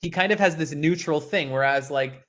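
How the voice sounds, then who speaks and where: Animated man leading a puppetry workshop. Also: fairly high pitch, normal speed. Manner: animated, demonstrates puppet voices, asides. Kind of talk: virtual workshop teaching. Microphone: video call. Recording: dull lo-fi online call audio.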